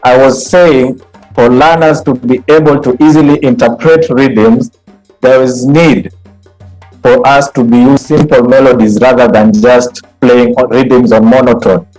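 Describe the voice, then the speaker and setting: A man's voice: mid-range voice, steady tone, a little slow, darkish tone, rough recording. A man training music teachers over a video call, explaining note values and chanting rhythm syllables to demonstrate them. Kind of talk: online training session. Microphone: computer mic on a video call.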